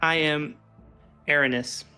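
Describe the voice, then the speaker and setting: A man voicing a friendly, gentle male tiefling official in a tabletop game, welcoming and chatty. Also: on the high side, fairly even intonation, takes it slowly, clear, resonant tone, soft background music, exaggerated voice.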